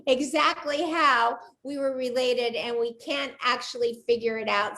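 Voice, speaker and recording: A woman's voice: fairly high pitch, pushed and bright. Bubbly woman hosting a video call. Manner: bubbly, chatty, laughs often. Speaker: host of a live cooking show interview. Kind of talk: casual live video-call chat.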